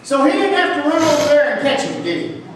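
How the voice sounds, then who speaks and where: A man with a high, lifted voice preaches a fervent sermon, firing questions back at his congregation. He is picked up from a distance, so the words bloom and ring out through a big church hall with a long tail of reverb, and a faint room hum sits beneath him. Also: very animated, quick pace. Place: church sanctuary. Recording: echoey church hall from far off.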